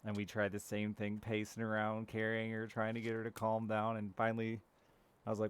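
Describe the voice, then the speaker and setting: A man's voice: fairly low pitch, completely flat delivery, fairly quick, clean tone. A man in his thirties chatting casually and candidly with viewers while streaming a game, swearing now and then. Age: 30s. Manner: chats with live viewers. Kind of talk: casual chat while gaming.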